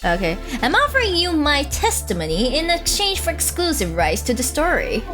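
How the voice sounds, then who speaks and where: A woman's voice: normal speed, music in the background. A woman voicing a brash, attention-seeking male tabloid journalist while reading game dialogue aloud, tagging his boasts with "end quote". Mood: boastful. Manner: excitable, jumping pitch.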